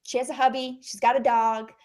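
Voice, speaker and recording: A woman's voice: a little high, level tone, brisk, darkish tone. A woman hosting an online group call, introducing a guest in a chatty, upbeat way with lots of fillers. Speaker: host.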